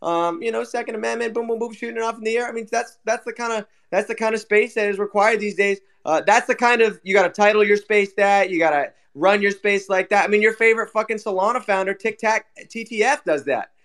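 A man with a high-pitched voice rants through a casual online chat, swearing heavily and leaning on repeated fillers. He talks like a co-host settling in for a long complaint. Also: fast talker, hardly any pauses, fairly bright tone. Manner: ranting, heavy swearing, repetitive fillers. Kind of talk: casual chat on an audio stream.

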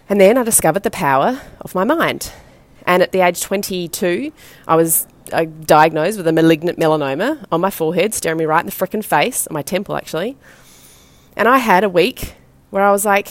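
A woman with an Australian accent hosting a podcast, delivering an energetic, emphatic motivational monologue and speaking mildly rough at times. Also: on the low side, brisk, no room sound. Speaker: podcast host.

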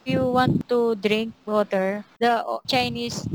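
Woman telling her story in halting English. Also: a little high, steady tone, low-quality recording. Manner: halting second-language English with simple phrasing. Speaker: factory worker interviewee. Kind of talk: interview testimony.

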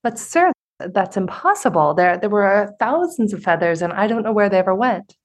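A woman's voice: medium pitch, lively intonation, moderate pace, close to an everyday voice. A woman voicing a remorseful, anxious man who spread gossip, in a parable told with an earnest, pleading delivery.

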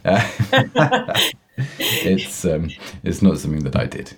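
A man co-hosting an online church service, hoarse and croaky from illness, chatting in a jokey way with lots of fillers and restarts. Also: wildly swooping pitch, takes it slowly, long pauses, fairly bright tone, slight background noise. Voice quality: croaky, unusually deep voice. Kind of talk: casual live-stream chat.

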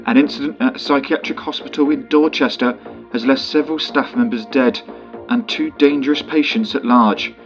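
A man's voice: medium pitch, moderate pace, dull audio, faint music behind, natural voice. A man voicing a posh male TV newsreader with a formal delivery.

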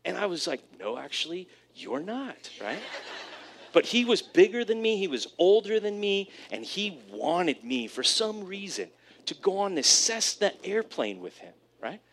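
A man preaching a sermon, telling a personal story in an animated way, often checking in with "right?". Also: sits high, a little slow. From California, USA. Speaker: pastor.

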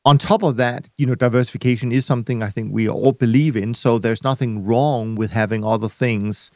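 Measured man hosting a podcast, dry sound. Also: mid-range voice, steady tone, no echo. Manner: measured, hesitant, searching for words. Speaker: podcast host. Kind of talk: casual conversation.

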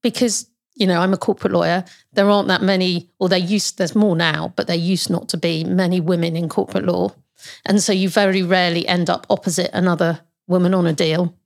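A woman speaks with a low, gravelly voice, frank and emphatic, in a relaxed podcast chat. She sounds like a seasoned professional sharing her views. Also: brisk. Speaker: corporate lawyer guest. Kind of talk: casual podcast conversation.

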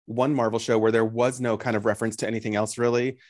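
A man with a mid-range voice chats as a podcast co-host. He is animated and chatty and drops in playful asides. He talks at an everyday pace. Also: medium pitch, quick pace. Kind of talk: casual chat.

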